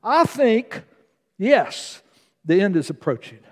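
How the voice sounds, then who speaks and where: Emphatic preacher in a big church. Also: male voice, high-pitched, sing-song, measured pace, in a large hall. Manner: emphatic, swinging between loud declarations and soft asides. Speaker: guest preacher. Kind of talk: sermon. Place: church sanctuary.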